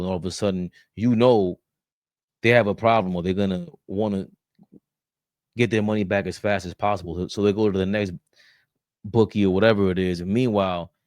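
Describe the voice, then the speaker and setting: A man's voice: fairly low pitch, darkish tone, no room sound, studio quality. A man hosting a podcast, giving loose, digressive, joking commentary. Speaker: podcast host. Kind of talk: casual commentary.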